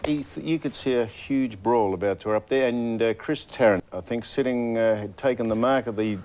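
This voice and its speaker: A man's voice: medium pitch, fairly quick, a little mellow. A man co-hosting a football panel show, making dry, teasing remarks. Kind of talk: live panel show chat.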